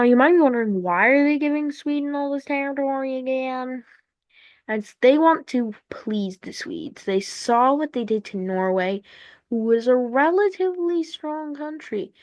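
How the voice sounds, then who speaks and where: A woman narrates over a map in a loose, joking way, wandering off into silly asides and sing-song repetition. Her voice sits a little high, and she talks slowly with drawn-out words. The sound is dry, with no room echo. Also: dull audio. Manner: playful, rambling, jokey asides. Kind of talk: casual commentary over a map.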